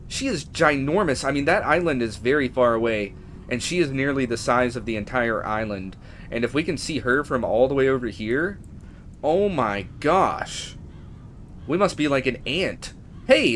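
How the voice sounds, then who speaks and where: A man streaming a game live, chatting casually to viewers and getting emotional and excitable, at times nearly shrieking. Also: medium pitch, a little hiss or hum. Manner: emotional, excitable, shifts from calm to near-shrieking.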